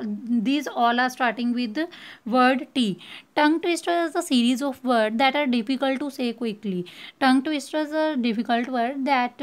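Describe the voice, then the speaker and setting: A woman teaching a spoken lesson, explaining slowly and repeating points with many fillers. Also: high-pitched. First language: Hindi. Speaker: English teacher.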